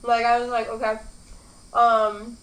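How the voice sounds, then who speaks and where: A woman's voice: on the high side, completely flat delivery, measured pace, a bit bright. A young woman hosting an eating vlog, chatting casually and rambling with lots of fillers. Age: young adult. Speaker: mukbang host. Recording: roomy echo, faint background noise.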